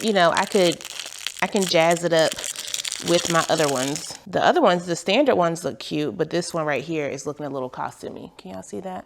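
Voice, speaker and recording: A woman vlogger with a lilt talks her way through opening packages at home. Her voice sits low with a gravelly edge, and she rambles in a relaxed way. Clear background noise and crinkling wrappers run under her talk. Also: normal speed. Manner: chatty, rambling, laughs at herself. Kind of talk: casual chat, unboxing. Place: home, on the couch.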